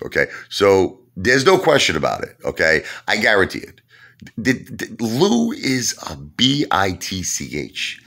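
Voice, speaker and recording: A man on a comedic trash-talk rant, pushing his point with constant repetition and check-ins. His fairly low voice swings widely in pitch and has a bright, forceful edge. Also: wildly swooping pitch, measured pace. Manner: emphatic and repetitive, keeps saying "listen to me" and "okay?". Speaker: vlogger.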